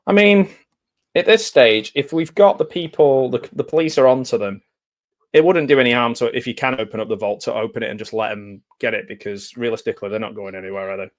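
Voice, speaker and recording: A man's voice: medium pitch, fairly quick. Chatty man doing live reaction commentary. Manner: chatty, jokey, excitable reactions with laughs. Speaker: commentary host.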